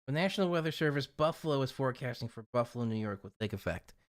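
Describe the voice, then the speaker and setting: A man's voice: mid-range voice, animated, fast. A man hosting a casual weather livestream, chatting with viewers and reading snowfall forecasts aloud off his screen.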